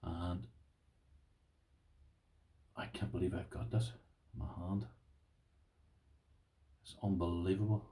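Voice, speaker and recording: A middle-aged Irish man chatting casually to camera about his lock collection, self-deprecating and quick to laugh. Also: low voice, level tone, mellow, far from the mic, low-quality recording. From Ireland. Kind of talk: casual vlog chat.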